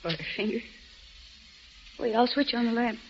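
A woman's voice: fairly high pitch, moderate pace, a little mellow, close to an everyday voice. A woman playing a weary, guarded wife. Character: weary, guarded woman waiting on her drunk husband. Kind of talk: 1940s radio acting. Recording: dull old radio recording, faint hiss.

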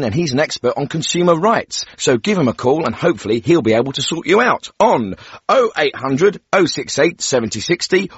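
A man's voice: a little high, a bit bright, husky, dry recording, full character voice. An actor playing a pompous, tactless middle-aged male radio phone-in host, in a scripted radio comedy. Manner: smug, tactless presenter. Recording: dry, slightly dull radio broadcast.

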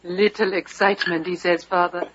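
An actress playing an emotional young daughter in a vintage radio drama. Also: female voice, lowish voice, little pitch movement, normal speed, a bit bright, muffled recording, a little hiss or hum, close to an everyday voice. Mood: relieved. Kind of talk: 1930s radio drama acting.

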